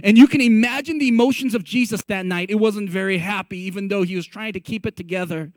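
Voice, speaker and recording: A man preaching a sermon as pastor, animated and conversational, full of rhetorical questions. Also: sits high, quick pace, no room sound.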